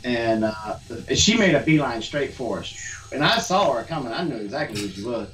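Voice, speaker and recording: A man's voice: medium pitch, expressive, normal speed. A man hosting a live chat and telling stories in a folksy, chatty way. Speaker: host. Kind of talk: storytelling in casual chat. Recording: distant mic with faint noise.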